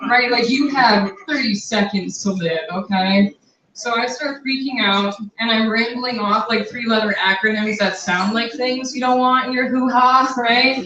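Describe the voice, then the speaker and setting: A woman's voice: fairly high pitch, unhurried, pushed and bright. A woman in her twenties doing a crude, brash stand-up set on a bar stage. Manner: brash, crude, conversational punchlines. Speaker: stand-up comic. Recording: roomy, distant, dull, crowd laughter.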